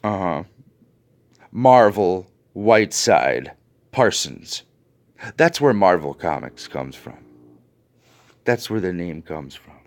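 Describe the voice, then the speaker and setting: A man's voice: sits low, very animated, takes it slowly, pauses often. A man hosting a video, ranting to his viewers in an angry, profane and sarcastic way. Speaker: video host.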